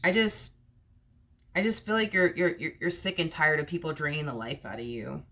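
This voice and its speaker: A woman's voice: sits low, moderate pace, bright, forceful tone. A woman giving a casual tarot reading to camera, repeating herself with rhetorical questions and many fillers. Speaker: tarot reader.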